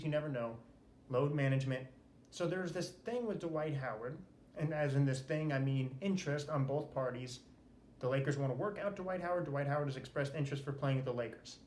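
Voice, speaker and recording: A man's voice: fairly high pitch, darkish tone. A man hosting his own podcast, giving a solo sports rant and repeating key points for emphasis. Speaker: podcast host. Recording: roomy, with faint background noise.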